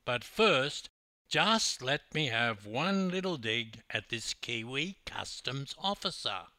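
A man's voice: medium pitch, big pitch swings, slow pace, bright, forceful tone, dry recording, studio quality, full character voice. An older man with an Australian accent voicing a brash, boastful Australian man who teases people. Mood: cocky. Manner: cocky, boastful, teasing. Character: brash joking Australian man, loud show-off.

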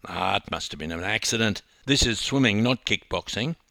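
A man voicing a big, affable man who answers bluntly and calmly. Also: on the low side, normal speed, creaky, dry recording, studio quality, exaggerated voice. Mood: reassuring.

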